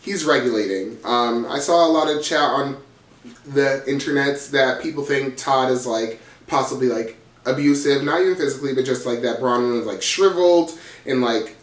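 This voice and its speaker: A man's voice: medium pitch, normal speed, recorded from a distance. A man hosting a casual reality TV recap, telling the drama in a gossipy, profane, dramatic way. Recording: roomy, from off the mic.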